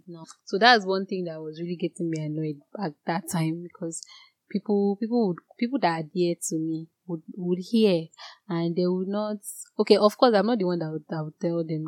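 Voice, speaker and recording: Earnest woman, low voice, dry close sound. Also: dry recording. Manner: earnest and direct, animated when indignant, laughs at herself. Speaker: guest sharing a personal story. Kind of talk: candid personal testimony.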